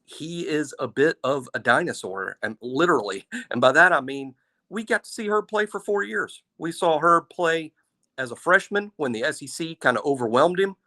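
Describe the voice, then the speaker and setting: A man co-hosting a sports podcast, telling his opinions in an animated, casual way. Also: on the high side, normal speed. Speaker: podcast co-host.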